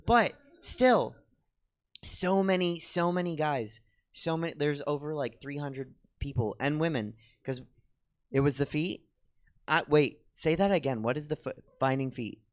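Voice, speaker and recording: Talking with a theater audience during a comedy show he co-hosts, a man rambles in a chatty, self-mocking stand-up manner. His voice is on the high side and he doesn't hurry.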